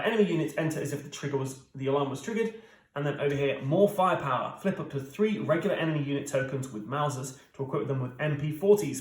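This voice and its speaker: Chatty British man in an echoey room. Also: medium pitch. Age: 30s. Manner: chatty, lots of fillers, talks straight to viewers. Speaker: board game channel host. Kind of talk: solo board game playthrough commentary.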